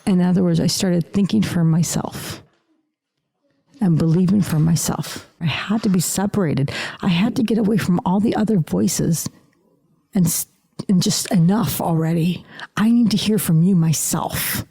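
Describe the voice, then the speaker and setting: A woman's voice: lowish voice, normal speed, vocal fry, mellow, slightly rough. A middle-aged woman telling her personal story as a podcast guest, emphatic and dropping into whispered asides.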